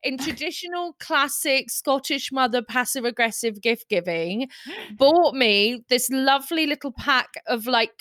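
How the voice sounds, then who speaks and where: A woman co-hosting a podcast who tells animated, self-deprecating stories in casual chat. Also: sits high, dry recording, clean studio sound. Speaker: podcast co-host.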